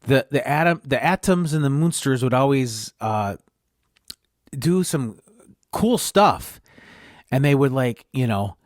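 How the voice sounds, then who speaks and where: A man's voice: medium pitch, lively intonation, takes it slowly, pauses often, dry recording, clean studio sound. A man hosting a podcast, rambling through a made-up story and often correcting himself. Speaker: podcast host.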